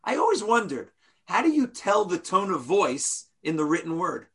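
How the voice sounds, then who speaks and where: Lively high-voiced rabbi teaching. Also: male voice, moderate pace, husky. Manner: animated, rhetorical questions, playful asides. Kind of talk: teaching a class.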